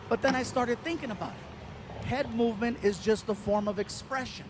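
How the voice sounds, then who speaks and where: High-voiced animated stand-up comedian man. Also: normal speed, background noise. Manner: animated, storytelling, playful. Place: theater stage before an audience.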